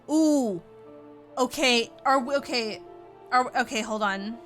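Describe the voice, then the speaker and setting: A woman's voice: a little high, measured pace, fairly bright tone, faint music behind. A woman chatting casually with viewers on a game livestream, sounding tired and greeting each person by name. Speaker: streamer.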